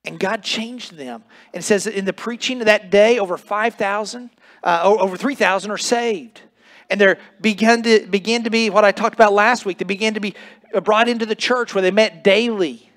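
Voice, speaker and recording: A man with a fairly high voice preaches a sermon as pastor in a church sanctuary. He drives his points with stacked repeated phrases, now and then restarting a word as he goes. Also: moderate pace, fairly bright tone.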